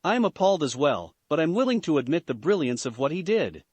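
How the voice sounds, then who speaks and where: A smug, cold old leader, as a man reads him aloud, speaking with indifference. The voice is fairly high and varied. The sound is dry. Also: very animated, fairly quick, darkish tone, breathy edge, no room sound. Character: cold old male earth village leader.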